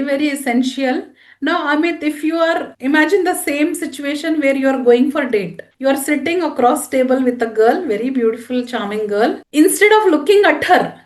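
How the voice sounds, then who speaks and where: High-voiced woman trainer. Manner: asks the audience frequent questions. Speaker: career trainer. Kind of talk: classroom training talk. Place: room with a live audience. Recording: echoey room.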